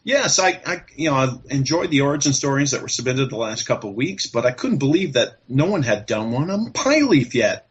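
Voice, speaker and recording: A man's voice: medium pitch, very animated, a little fast, few pauses, slightly rough. A man appearing as a podcast guest, reading a comic rhyming poem aloud and chuckling through the lines, over dull lo-fi call audio.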